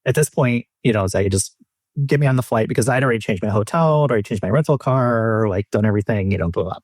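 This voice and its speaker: A man hosting a podcast, telling a long travel story in casual chat, animated and swearing, and acting out the people in it. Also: fairly low pitch, quick pace, husky, no echo, studio quality. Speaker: podcast host.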